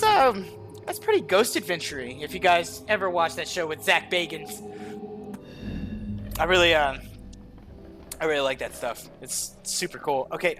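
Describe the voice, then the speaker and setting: A man's voice: high voice, bright, forceful tone. A young man from the American South, rambling chattily over a game he is playing. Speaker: gaming channel host. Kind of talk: casual game commentary.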